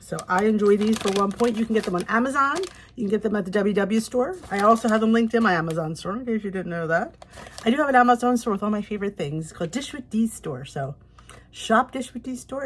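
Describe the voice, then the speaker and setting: A woman's voice: a little high, slight background noise. A middle-aged woman hosting a casual cooking vlog in her home kitchen, chatty and upbeat as she talks to viewers. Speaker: cooking channel host.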